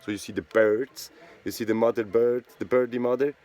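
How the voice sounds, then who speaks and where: A man's voice: mid-range voice, steady tone, brisk, darkish tone. A man from Switzerland, a native Swiss German speaker, talking in English with a Swiss German accent. His monologue rambles, and he keeps tagging his sentences with "you know" and "right?".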